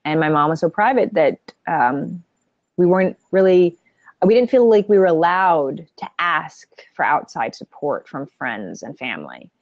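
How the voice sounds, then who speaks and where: A woman's voice: deep voice, sing-song, moderate pace, dry recording. A woman, a breast cancer survivor, speaking candidly and bluntly, with jokes, in a casual panel talk. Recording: dull, dry sound.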